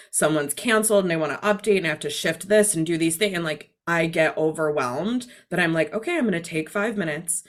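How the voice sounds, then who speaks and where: A woman who works as a spiritual teacher, a guest on a podcast, talking in a chatty, animated way with many fillers. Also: on the low side. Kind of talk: casual podcast conversation.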